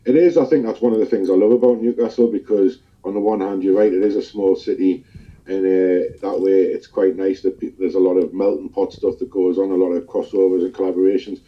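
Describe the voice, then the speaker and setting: A man with a low, steady voice speaks briskly as a guest in a casual interview, telling stories in a chatty, rambling manner. The recording is dull and lo-fi.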